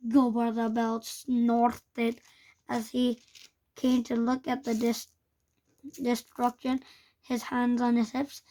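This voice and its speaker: A woman reading a children's book aloud in a halting way, stumbling and restarting words. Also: on the high side, monotone, warm tone. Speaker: reader.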